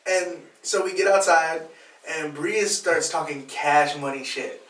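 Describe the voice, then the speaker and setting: This podcast co-host speaks unhurriedly in a fairly high voice, caught by a distant mic in a roomy space. Chatting casually, he relates a story with animation, doing the voices of its characters and breaking into laughter partway through.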